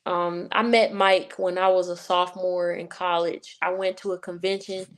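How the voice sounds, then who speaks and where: A woman's voice: fairly low pitch, little pitch movement, moderate pace. A woman from Southern Virginia with her local accent, a guest telling stories at length in a casual interview, with many fillers. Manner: chatty storyteller, many fillers like "you know". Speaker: guest, sports writer and podcast host.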